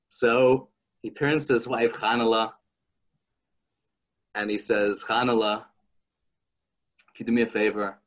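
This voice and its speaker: Animated man telling a folk tale. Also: lowish voice, lo-fi sound. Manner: animated, halting, with many restarts. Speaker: podcast host. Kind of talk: casual chat and folk storytelling.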